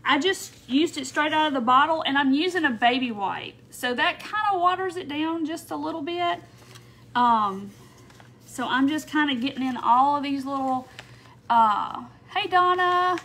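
Bright, high-voiced chatty woman. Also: animated, moderate pace. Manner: chatty, greets commenters by name while working. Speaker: craft live-stream host. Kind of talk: casual craft live stream, greeting viewers.

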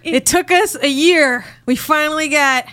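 A young woman co-hosts a podcast with a high, bright voice. She teases her guest with crude, giggly jokes in loose, casual banter. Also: a little slow. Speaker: podcast co-host.

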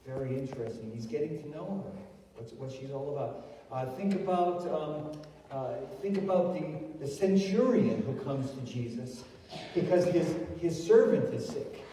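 A man's voice: on the high side, expressive, moderate pace, mellow, a little hiss or hum. A man giving a sermon as a pastor, telling stories with many restarts and acting out the quoted voices. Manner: storytelling, acts out quoted voices, frequent restarts. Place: church sanctuary. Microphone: recorded from the pews. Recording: distant echoey hall recording from the pews.

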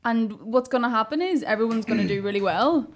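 A woman's voice: on the high side, fairly quick. A woman co-hosting a comedy podcast, speaking earnestly in casual chat. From Northern Ireland. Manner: earnest, supportive, talks over her co-host. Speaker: podcast co-host.

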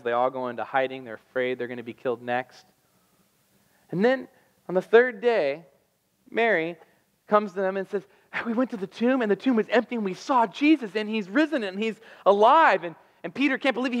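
A man preaching a sermon as pastor, telling the story with animated energy and acting out the voices. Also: on the high side, in a large hall. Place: church sanctuary.

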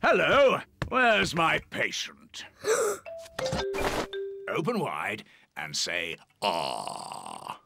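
Doctor Brown Bear, a gentle gravelly bear doctor. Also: male voice, fairly low pitch, huge pitch swings, drawn-out words, pauses often, over loud music, full character voice. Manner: soothing bedside manner. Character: kindly male bear doctor, calm and gentle. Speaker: cartoon character. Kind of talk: British children's cartoon voice acting.

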